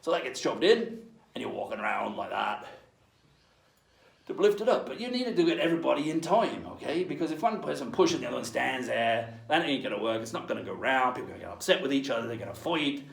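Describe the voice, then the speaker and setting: Gravelly man playing a jolly pirate teacher. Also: mid-range voice, big pitch swings, fast, roomy sound, recorded from a distance. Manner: chatty, hearty, checks in with "right?" after each point. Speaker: costumed pirate character teaching children. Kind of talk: playful online children's lesson.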